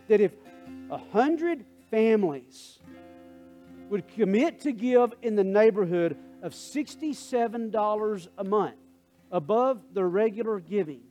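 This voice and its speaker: A male pastor preaching a sermon, swinging between hushed prayer and loud, emphatic calls to the congregation. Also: high-pitched. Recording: faint guitar music underneath.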